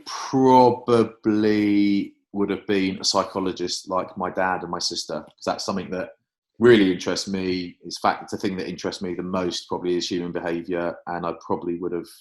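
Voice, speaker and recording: English man telling stories, low voice. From England. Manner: lively anecdotal storytelling, swears freely. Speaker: guest, former rugby player. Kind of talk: casual interview chat.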